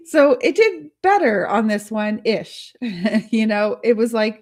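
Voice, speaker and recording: Very slowly and with long pauses, this live art studio streamer thinks aloud over her on-screen work, laughing often and casually chatting with her audience. Her voice leans high with a darkish tone.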